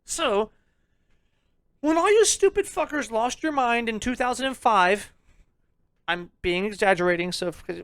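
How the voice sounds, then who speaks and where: A young man rants on a podcast with a loud, jokingly abrasive edge. He swears freely and teases his listeners. The recording is close and dry. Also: high-pitched, animated, normal speed, smooth, dry recording. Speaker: podcast co-host. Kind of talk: casual ranting review chat.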